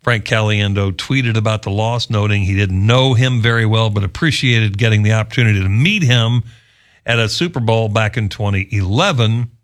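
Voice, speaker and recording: A male sports radio host chatting in a lively, amused way. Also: fairly low pitch, moderate pace. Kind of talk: casual talk show commentary.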